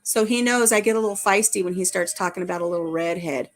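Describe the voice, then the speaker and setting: A woman's voice: lowish voice, fast talker. A middle-aged woman chatting casually on her live stream. She rambles and jokes, laughing as she goes. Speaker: livestream host. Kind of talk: casual chat.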